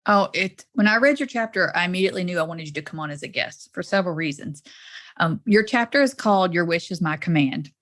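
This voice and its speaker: A woman's voice: fairly low pitch, lively intonation, quick pace, fairly bright tone. A woman with a Southern accent hosting a podcast interview, gushing and enthusiastic. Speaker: podcast host.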